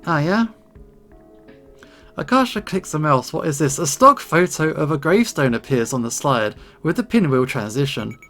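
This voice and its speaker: A man's voice: on the high side, sing-song, moderate pace, a bit bright. A man voicing a cheeky, clowning teenage girl who hams it up with silly accents, with faint game music behind.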